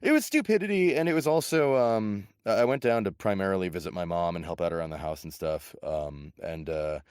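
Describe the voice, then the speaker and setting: Deep-voiced man, laughing storyteller. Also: lively intonation, a little fast, a little mellow, smooth, no echo, studio quality. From United States. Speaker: voice actor guest. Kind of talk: casual podcast chat.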